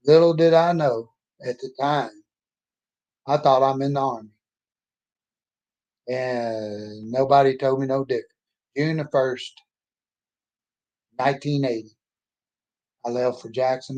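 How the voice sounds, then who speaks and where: A man in his sixties introduces himself by telling his life story in a folksy, rambling, plainspoken way. His voice is mid-range with a darkish tone, and the talk is casual and personal.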